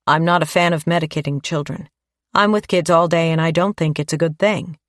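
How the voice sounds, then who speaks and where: A woman doing a gentle, calm man. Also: deep voice, a little fast, no echo, studio quality, close to an everyday voice. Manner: gentle, even.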